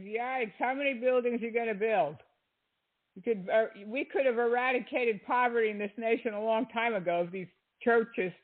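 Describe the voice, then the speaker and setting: A male commentator giving exasperated, sarcastic criticism. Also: high-pitched. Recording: tinny phone-like sound.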